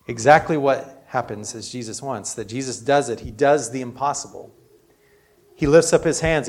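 Male pastor, everyday sermon delivery, earnest and chatty. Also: mid-range voice. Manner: earnest, conversational preaching with frequent "you know".

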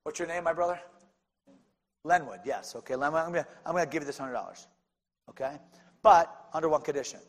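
High-voiced preacher in a reverberant hall. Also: male voice, quick pace, pauses often. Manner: builds to fervent shouting, then talks casually with the congregation. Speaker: pastor. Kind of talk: sermon.

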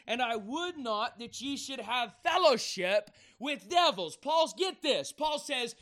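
High-voiced, fiery man preaching. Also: measured pace, few pauses. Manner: fiery, emphatic preaching that rises to shouts. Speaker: evangelist preacher. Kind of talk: sermon.

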